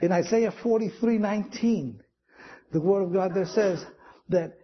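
A man's voice: high voice, a little slow, muffled recording. A man preaching a sermon, telling stories with acted-out quotes and chuckling as he goes. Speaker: pastor.

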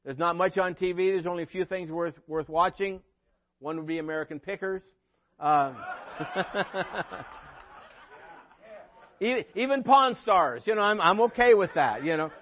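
A man preaching a sermon as pastor, swinging from emphatic peaks to quiet, dry sarcastic asides. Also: high-pitched, lively intonation, brisk, muffled recording.

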